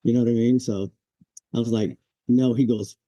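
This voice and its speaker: A man's voice: medium pitch, fairly even intonation, fairly quick, warm tone, no room sound, lo-fi sound. A man in his forties, a Marine veteran guest, telling his story casually on a podcast, chuckling and acting out the sergeants he quotes. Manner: laid-back, chuckles, acts out quoted drill instructors.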